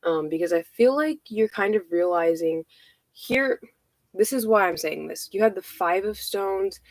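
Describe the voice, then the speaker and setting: A woman giving a casual tarot reading, out of breath, halting and repeating herself with many fillers. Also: medium pitch, lively intonation, no echo, poor audio. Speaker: tarot reader.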